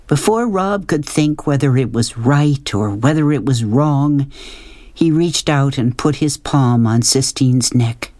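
Slow, calm audiobook narrator. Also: mid-range voice, no echo. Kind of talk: scripted narration.

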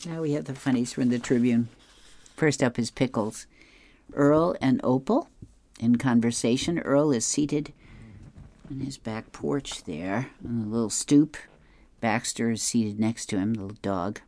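A man's voice: on the low side, takes it slowly, long pauses, darkish tone, no room sound. A man reading newspaper comic strips aloud and describing each panel in a chuckling, easygoing way. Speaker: comics reader.

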